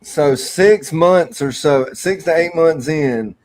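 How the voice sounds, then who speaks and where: A man's voice: fairly high pitch, takes it slowly, a little mellow, low-quality recording. A man hosting a casual podcast chat, joking around, swearing and greeting viewers. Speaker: podcast host.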